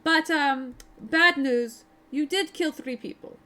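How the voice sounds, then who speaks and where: Brisk male guard captain with a put-on accent, as a woman game master puts him on, high-pitched. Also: bright, forceful tone, exaggerated voice. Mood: genial. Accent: Barovian-style put-on accent.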